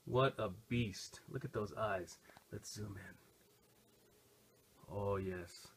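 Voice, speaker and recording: A middle-aged man giving a casual, excitable hands-on toy review, rambling and chatting to his viewers. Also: fairly low pitch, slow pace, a little hiss or hum. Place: home recording station.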